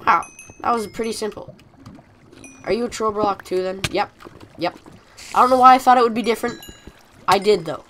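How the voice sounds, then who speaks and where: A woman giving let's play commentary, chatty and excitable, scolding the game and its mobs aloud. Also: on the high side, moderate pace, a little hiss or hum. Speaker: gamer.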